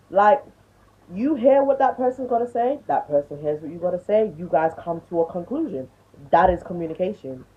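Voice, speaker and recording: A woman's voice: on the low side, breathy edge. A woman in her twenties ranting bluntly to camera, swearing and lecturing, on tinny phone-like audio. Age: 20s. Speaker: vlogger.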